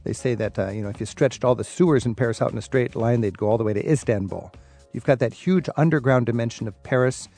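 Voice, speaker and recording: A man's voice: medium pitch, fast, dark tone, soft background music. A man hosting a radio travel show and asking his guest curious, enthusiastic questions. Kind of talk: radio interview.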